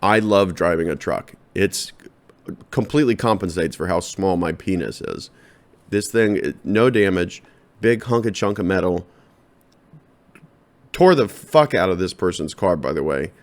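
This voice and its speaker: Man, very low voice, comedian podcast host, deadpan rambling monologue, talks to listeners. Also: measured pace.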